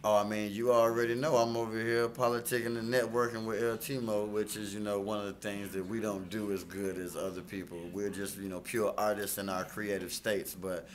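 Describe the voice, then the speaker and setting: A man's voice: lowish voice, level tone, brisk, hardly any pauses. A man co-hosting a casual studio chat, boastful and playful as he hypes his own project. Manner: boastful, playful hype talk. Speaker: recording artist co-host.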